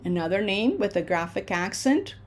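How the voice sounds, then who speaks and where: A woman teaching pronunciation in a slow lesson, drawing out each syllable and often checking in with "okay?". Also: mid-range voice, lively intonation. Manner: drawn-out syllable-by-syllable modeling of words.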